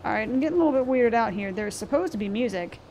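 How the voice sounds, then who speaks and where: Chatty, foul-mouthed woman streamer, higher voice. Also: expressive, fast talker, dark tone, a little hiss or hum. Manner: chatty, profane, talks to the game's monsters. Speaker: game streamer. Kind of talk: casual gameplay commentary. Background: game music.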